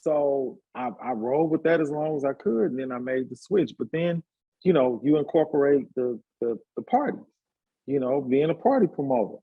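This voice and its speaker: A man in his fifties, a hairstylist and party promoter, telling his life story in a relaxed interview with lots of fillers. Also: mid-range voice, moderate pace, husky, phone-quality sound. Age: 50s. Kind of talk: casual conversational interview.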